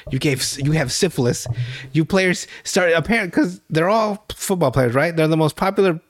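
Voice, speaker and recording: A man's voice: a little high, animated, normal speed, dry recording, studio quality. Laughing, swearing man recapping a show. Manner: laughing storyteller, acts out lines, heavy swearing. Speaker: podcast host recapping an episode. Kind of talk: casual profane recap chat.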